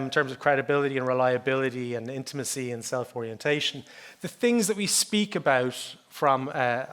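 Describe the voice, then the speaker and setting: A man's voice: on the high side, fairly bright tone. Chatty Irish man giving a conference talk. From Ireland. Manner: conversational, chatty, often adds "okay?" and "like, you know". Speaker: conference speaker.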